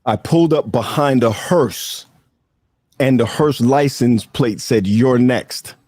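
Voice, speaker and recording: A man hosting a casual chat, telling stories in an animated way and laughing often. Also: mid-range voice, slow pace, dry recording, studio quality. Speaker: host.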